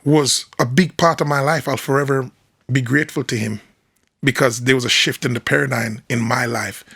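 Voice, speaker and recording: A man with a Jamaican accent, a musician guest telling stories in a casual interview chat, animated and raspy. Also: mid-range voice, normal speed. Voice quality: raspy, gravelly. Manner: animated storyteller, mimics people he quotes.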